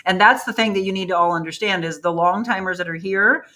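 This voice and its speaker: A woman hosting a morning talk show, gushing and excitable as she urges viewers to adopt dogs. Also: medium pitch, quick pace. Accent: Midwestern American.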